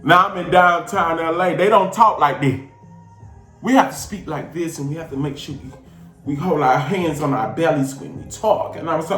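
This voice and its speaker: A man from Georgia with a Southern accent, casually telling a personal story with lively, slangy delivery and big swings in his voice. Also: a little high, moderate pace, echoey room, faint music behind. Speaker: show host.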